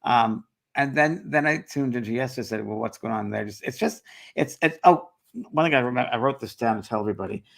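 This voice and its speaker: A man's voice: medium pitch, vocal fry. A man hosting a casual chat, telling a story animatedly and briefly voicing the people in it. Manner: animated storytelling, quotes others with quick voice shifts. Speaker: host.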